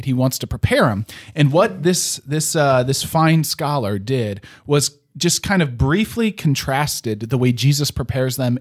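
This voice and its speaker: A man in easy, conversational mode works through ideas about scripture out loud. He often breaks off and restarts, and keeps checking in with his listener. His pitch and energy sit in an ordinary middle range. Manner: rambling, self-interrupting, frequent "right?". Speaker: podcast co-host. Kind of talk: casual conversational discussion of scripture.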